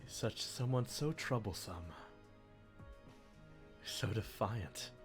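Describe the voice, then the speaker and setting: A man voicing a smug, menacing male villain who speaks low, slow and quiet in a tabletop game. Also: expressive, soft background music. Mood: gloating.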